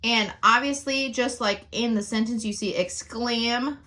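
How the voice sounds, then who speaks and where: A woman's voice: on the high side, a little slow, bright, forceful tone. A woman teacher explaining sentence types in a recorded lesson, often checking in with "okay?" and "right?".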